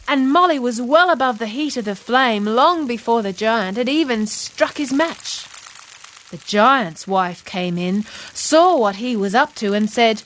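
A woman reading a children's fairy tale aloud in slow, expressive storybook narration. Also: high voice.

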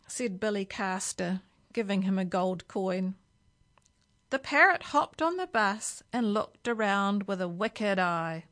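A woman reading a children's story aloud for a library, with slow, expressive storytelling. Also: mid-range voice. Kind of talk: reading a picture book aloud.

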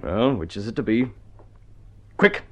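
An actor playing a stern, relentless police inspector in a vintage radio drama, curt and dryly sarcastic. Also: male voice, lowish voice, lively intonation, a little slow, darkish tone.

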